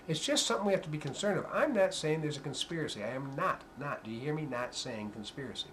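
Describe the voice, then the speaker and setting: A man's voice: fairly high pitch, slight background noise. A man giving an emphatic, conversational talk to a live audience at a church coffee house. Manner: emphatic, animated, conversational lecturing. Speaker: performer and speaker.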